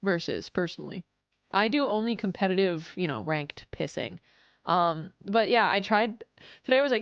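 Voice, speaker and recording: A woman's voice: mid-range voice, expressive, moderate pace, no echo. A woman in a casual live stream, rambling through stories, swearing freely and reading chat aloud. Her voice sits in a middle range and sounds dry and close. The recording is a little dull. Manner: chatty, swears often, reads chat aloud, acts out customers.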